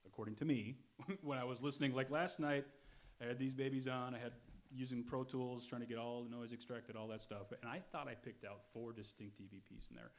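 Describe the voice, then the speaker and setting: A man's voice: medium pitch, steady tone. A man hosting a podcast, chatting casually and explaining things as he goes. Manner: quick, chatty, explaining as he plays clips. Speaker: podcast host. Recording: loud background noise.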